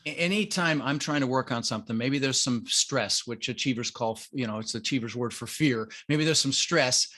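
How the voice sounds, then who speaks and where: A man's voice: mid-range voice, brisk, few pauses, bright, forceful tone. A middle-aged man as an interview guest, talking in an emphatic, motivational way. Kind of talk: casual interview talk.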